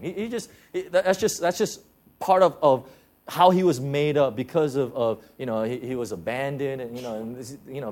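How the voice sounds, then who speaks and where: Speaking of grace, this male pastor lets his voice fall soft and low. Otherwise his sermon is chatty, filled with "you know" fillers and repeated restarts.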